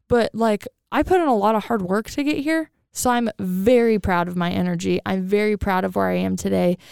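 A chatty woman hosting a podcast, talking in a casual, animated way. Her voice is smooth but has a gravelly edge, and it sounds close and dry. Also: medium pitch, brisk, dry recording. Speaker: podcast co-host. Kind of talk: casual chat.

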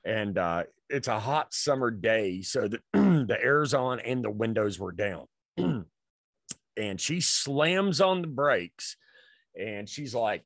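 A man with a fairly low voice tells a rambling story on a podcast, his pitch swinging widely as he gets worked up. He swears freely and talks in loose, casual bursts. The sound is dry and close. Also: slow, gravelly, no echo. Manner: profane, rambling, animated storyteller. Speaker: podcast co-host.

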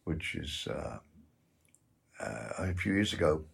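A man from the West Country of England with a West Country accent, a guest actor telling rambling stories with halting repeats in an interview. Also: a bass voice, very animated, vocal fry. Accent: West Country English. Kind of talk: anecdotal interview chat.

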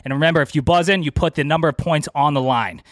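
A man hosting a casual watch quiz in a podcast, out of breath and joking loudly. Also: a little high, fast, no echo, clean studio sound. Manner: excitable, loud and joking. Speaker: quiz host. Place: house.

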